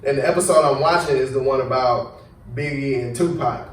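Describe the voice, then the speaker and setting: Young male podcast host, casual and animated, acts out quotes; recorded off-mic in a roomy echo. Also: mid-range voice, a little fast, distant mic, slight background noise. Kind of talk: casual chat. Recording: echoey room, voice a bit off-mic.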